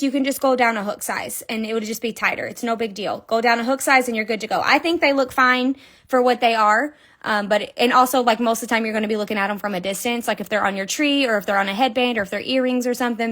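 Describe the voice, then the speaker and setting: A woman's voice: on the high side, fairly bright tone. Young woman, live crochet lesson, counts stitches aloud, chatty. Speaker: crochet teacher hosting a live stream. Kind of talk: casual live crochet tutorial. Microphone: phone.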